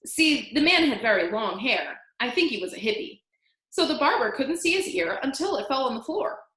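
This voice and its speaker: A woman voicing an eager schoolboy who rambles quickly through a story. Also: high-pitched, sing-song, pushed and bright, pitched above the performer's own voice, exaggerated voice. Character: eager chatty schoolboy telling a tall tale. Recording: roomy echo.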